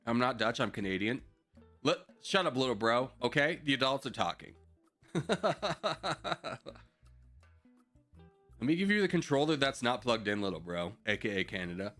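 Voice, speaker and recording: A man's voice: medium pitch, expressive, moderate pace, long pauses, a bit bright, soft background music. A man streaming a strategy game live, chatting with viewers in joking mock rants and laughing often.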